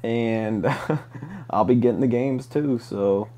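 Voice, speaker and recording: A man's voice: mid-range voice, slow, dark tone, a little hiss or hum. A man co-hosting a casual gaming podcast, joking and laughing easily. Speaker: podcast co-host. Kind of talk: casual chat.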